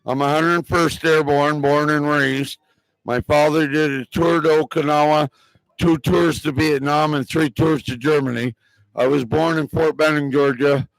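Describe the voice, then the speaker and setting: An American man answers a street interviewer at length, rambling and earnest. His voice is gravelly and a bit higher than most men's. The sound is close and dry. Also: fairly even intonation, a little slow, dry recording, rough recording. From United States. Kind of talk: casual chat.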